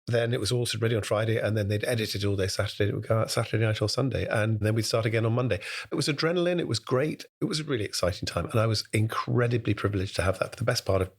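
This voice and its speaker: A British man, a guest impressionist, telling stories in a brisk conversational interview and breaking into voices. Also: lowish voice.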